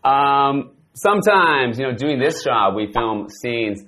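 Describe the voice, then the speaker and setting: A man with a Canadian accent talks in an easygoing way while co-hosting an English lesson, working through a relaxed conversation game. His pitch is in a middle range, and he often pauses to think before going on. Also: background noise.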